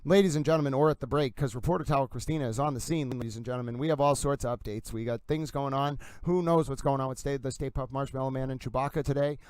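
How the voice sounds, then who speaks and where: A man hosting a livestream with theatrical, effusive commentary who keeps addressing his audience as ladies and gentlemen. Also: mid-range voice, fast, few pauses, clean tone, no room sound. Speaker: livestream host.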